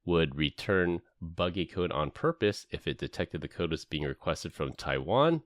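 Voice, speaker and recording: A man's voice: low voice, normal speed, dry recording, clean studio sound. A middle-aged man hosting a casual tech podcast, telling stories with energy and acting out the people he quotes. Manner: animated storytelling, acts out quoted people. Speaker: podcast host.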